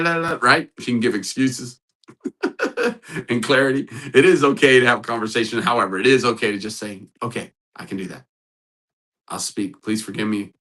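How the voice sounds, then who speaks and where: A man giving relationship coaching, animated, often laughing and acting out what spouses might say. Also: medium pitch. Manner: animated, acts out spouses' lines; laughs often while talking. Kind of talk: coaching talk.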